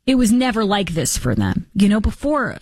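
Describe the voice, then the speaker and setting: A woman's voice: mid-range voice, big pitch swings, moderate pace, darkish tone, no room sound. Sarcastic woman commentator. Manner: sarcastic, mocking impressions. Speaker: political commentary host. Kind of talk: opinionated political commentary.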